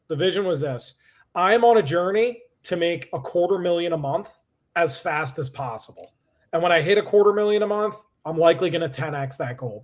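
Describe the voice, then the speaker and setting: A man with a noticeably high voice gives a motivational speech. He speaks emphatically and drives his points home by repeating them. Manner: emphatic, repeats key phrases.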